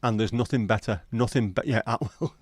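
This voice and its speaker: A middle-aged man runs a relaxed late-night livestream from home, rambling, cursing and bantering with his chat. His mid-range voice is husky and a little fast, recorded dry.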